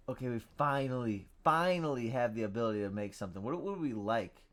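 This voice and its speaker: A young man commenting on his own card game in a loose, casual way. His voice bounces around a lot, sliding from low muttering to sudden loud outbursts. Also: a little fast, few pauses. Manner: excitable, swings from mumbling to loud shouting. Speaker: game streamer.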